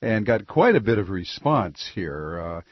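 A male radio host talking loosely and with jokes into a studio mic, his voice a bit husky. The sound is dry and slightly dull, like a radio broadcast. He rambles between emails and callers. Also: fairly low pitch, very animated, slow, no echo. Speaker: radio talk show host. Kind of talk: call-in radio talk.

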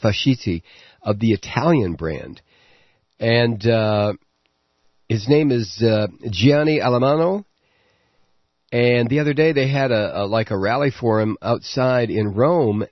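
A man hosting a political talk radio show, delivering a sarcastic commentary monologue with frequent halting fillers. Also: medium pitch, no echo, highs cut off.

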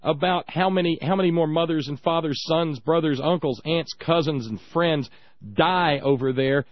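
Halting man hosting talk radio. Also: on the high side, dry recording, highs cut off. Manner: halting, repeats words, conversational. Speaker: radio host.

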